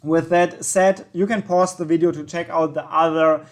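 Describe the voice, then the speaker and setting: A man's voice: on the high side, fairly even intonation, normal speed. A young man, a native German speaker, hosting a screen-recorded trading tutorial and talking casually, correcting himself with frequent ums and yeahs. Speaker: trading channel host.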